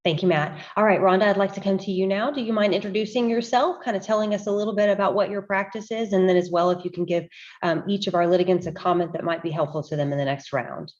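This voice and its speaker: A woman, a judge moderating a mock trial panel, speaking in a brisk and polite way. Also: medium pitch, fairly even intonation, a little mellow, muffled recording.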